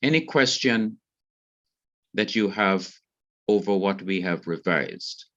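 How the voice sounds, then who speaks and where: A Jamaican man teaches a class, walking slowly and deliberately through each grammar rule. His voice sits fairly low and comes through muffled, dull online audio. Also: expressive, a bit bright. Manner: slow, careful explanation of grammar rules. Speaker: Hebrew teacher. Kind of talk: online revision lecture.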